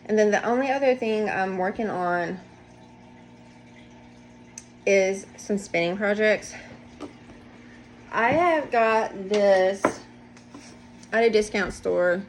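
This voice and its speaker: A woman's voice: mid-range voice, slow, long pauses, slight background noise. A woman hosting a casual knitting video podcast from home, chatting in a rambling, self-deprecating way as she shows her projects. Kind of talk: casual show-and-tell chat. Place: home, indoors.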